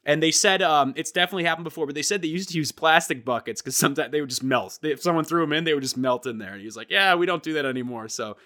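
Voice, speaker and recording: A young man telling a funny story in casual chat, animated and acting out what people said. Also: a little high, very fast, few pauses.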